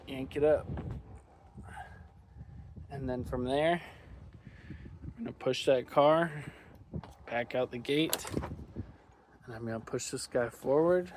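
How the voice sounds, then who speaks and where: A man talks through his own outdoor mechanic vlog, thinking aloud in a relaxed, plain-spoken way. His pace is slow and unhurried, and his voice sits in a middle register. A steady layer of outdoor yard noise runs under everything. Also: mid-range voice. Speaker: mechanic vlogger. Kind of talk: casual self-filmed work vlog. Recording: noisy outdoor ambience.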